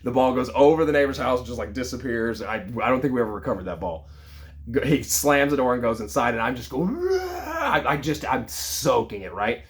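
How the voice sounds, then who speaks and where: A man's voice: medium pitch, fairly quick. Chatty man in his thirties telling a story. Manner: conversational, lively storytelling with fillers. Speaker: sales leader. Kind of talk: casual personal storytelling.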